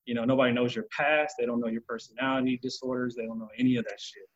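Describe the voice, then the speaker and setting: A man with a raspy voice gives blunt, opinionated views in a casual podcast chat and swears now and then. The recording sounds muffled and lo-fi. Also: medium pitch, steady tone, fast talker. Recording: dull lo-fi sound.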